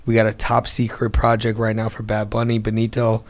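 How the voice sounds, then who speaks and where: A man's voice: lowish voice, completely flat delivery, brisk. A man, a guest in a casual interview, telling a long story and acting out the phone calls in it. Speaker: interview guest, car dealer.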